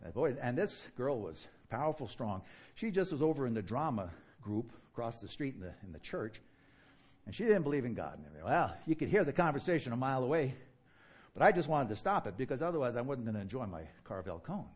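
A man with a New York accent preaching a sermon in an animated, fast-talking way, laughing often and playing out dialogues. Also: medium pitch, husky.

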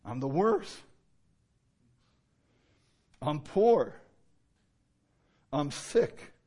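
A man's voice: a little high, very animated, extremely slow, warm tone, slightly rough. A man preaching a sermon in a conversational way, with many fillers and rhetorical questions. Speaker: pastor.

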